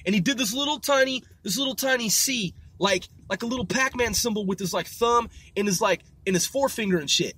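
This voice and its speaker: A man from Seattle telling profane, rambling stories in a casual, animated way. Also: high voice, brisk, few pauses, breathy edge. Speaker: podcast host. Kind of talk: casual storytelling.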